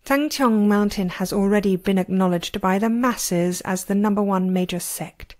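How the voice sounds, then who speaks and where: A delicate young girl disciple gives crisp, cutting retorts, as a woman reads her. The delivery stays cool and measured. It is an amateur storybook reading. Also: mid-range voice, close to an everyday voice. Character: sweet young female disciple turned sharp-tongued.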